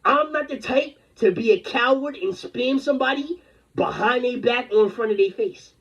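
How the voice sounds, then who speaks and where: A man's voice: very high voice, expressive, normal speed, fairly bright tone, slightly rough. A man delivering an angry, rambling, confrontational rant full of profanity. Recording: dull lo-fi recording.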